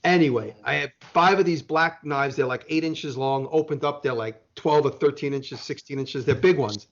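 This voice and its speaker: A man's voice: on the high side, moderate pace. Laid-back American man telling a story. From United States. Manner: rambling, laid-back, swears casually. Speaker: podcast guest. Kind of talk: casual storytelling chat. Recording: dull lo-fi sound.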